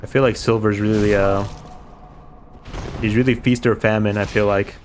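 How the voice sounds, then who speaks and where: A man's voice: lowish voice, steady tone, normal speed, slight background noise. A man streaming a game, giving rambling, chatty commentary and swearing casually.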